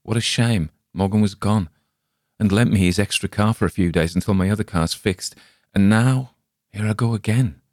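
A badly injured man, panicked and accusing, his strained voice pushed up high and loud, as a narrator puts him on. The delivery is pleading and raised, in a dry close recording. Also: moderate pace, no echo, natural voice. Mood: rueful.

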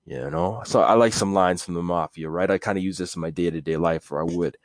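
A man's voice: deep voice, a little fast, no echo, studio quality. A man hosting a casual solo podcast, rambling and correcting himself as he talks. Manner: rambling, self-correcting, with chuckles. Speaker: podcast host.

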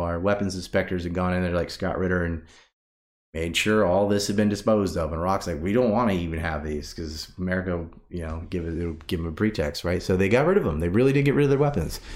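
A man talking in a casual podcast conversation, animated and profane, breaking into loud outraged bursts. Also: fairly low pitch. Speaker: podcast guest.

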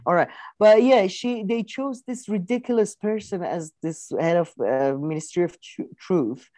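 A woman's voice: on the low side, moderate pace, warm tone, dry recording. A woman co-hosting a podcast, talking politics in a casual, sardonic way with lots of fillers and restarts. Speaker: podcast co-host.

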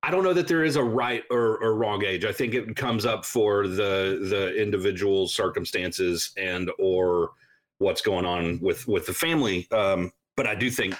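Low-voiced, thoughtful man. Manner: thoughtful, measured opinions with hesitations. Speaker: podcast co-host. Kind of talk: casual conversation.

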